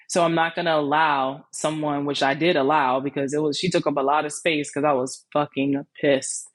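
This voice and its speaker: A woman's voice: deep voice, little pitch movement, normal speed, hardly any pauses, no echo. A woman hosting a podcast, telling a personal story in a candid, blunt, casual way, swearing freely and acting out what people said. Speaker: podcast host.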